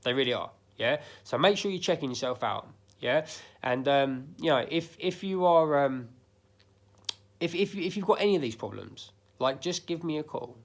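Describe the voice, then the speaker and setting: A man's voice: fairly high pitch, expressive, moderate pace. A man giving blunt, emphatic life advice straight to his viewers, swearing freely and repeating himself. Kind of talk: casual direct-to-camera monologue.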